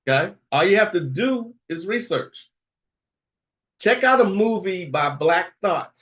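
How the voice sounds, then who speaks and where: A man drawls slowly through a rambling livestream chat, chuckling as he goes and checking in with his listeners. His voice sits somewhat high for a man. The sound is muffled and lo-fi. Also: fairly bright tone. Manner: rambling, frequent chuckles, tag questions. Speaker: livestream host. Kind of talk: casual livestream talk answering chat.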